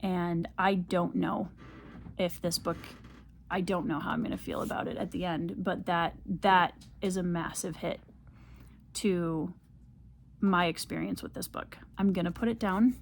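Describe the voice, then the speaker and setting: A woman's voice: on the low side, steady tone, a little slow, creaky, slight background noise. Woman ranting on a reading vlog. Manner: frustrated ranting, repetitive. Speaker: book vlogger.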